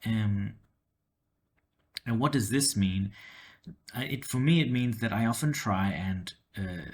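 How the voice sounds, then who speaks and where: A man's voice: lowish voice, slow pace. A man with a mild Australian accent telling a personal story to camera, with many fillers and restarts. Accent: Australian, toned down. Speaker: language-learning vlogger.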